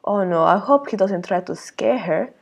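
A woman teaching young children at circle time, reading a picture book aloud in an expressive way. She often stops to exclaim and to ask the children questions. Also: mid-range voice, normal speed, creaky, husky. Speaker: early years teacher.

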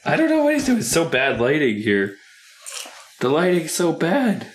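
A man chatting casually on camera while playing with his puppy, playful, often jumping up into high baby-talk at the dog. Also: huge pitch swings, moderate pace, slight background noise. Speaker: YouTuber filming his dog. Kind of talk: casual vlog chat with a puppy.

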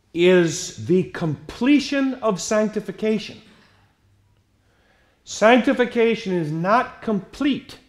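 A male pastor delivering an evening sermon in a fairly high voice. He preaches slowly and deliberately, dropping to hushed tones and then rising to loud, emphatic outbursts.

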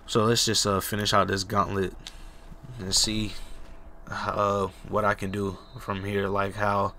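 Bright-voiced young man rambling over gameplay. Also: on the low side, completely flat delivery, measured pace, slight background noise. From Jacksonville, Florida. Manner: loose, profane, rambling with many fillers. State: sick, voice cracking. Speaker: gaming YouTuber. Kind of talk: casual gameplay commentary.

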